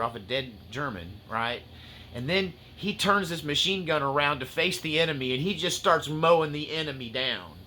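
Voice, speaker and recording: A man preaches spiritual warfare in a bright, forceful voice, building to fierce, tearful passion and easing into folksy jokes. A faint hiss of noise sits under the recording. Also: medium pitch. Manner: impassioned, rising to near-shouts and tearful intensity, then joking asides. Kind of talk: fiery spiritual-warfare teaching.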